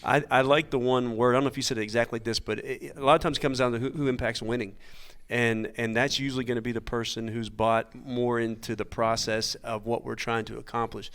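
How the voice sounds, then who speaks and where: A man coaching baseball, talking on a coaches' panel in a halting, searching way, often repeating words. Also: mid-range voice, flat delivery, fairly bright tone. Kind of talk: casual panel chat.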